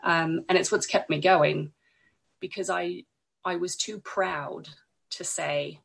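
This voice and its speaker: Croaky woman with a gravelly voice. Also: fairly low pitch, fairly even intonation, takes it slowly, fairly bright tone. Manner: hesitant, with many ums and restarts. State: croaky from a cold. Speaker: podcast guest, illustrator and designer. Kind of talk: casual interview talk.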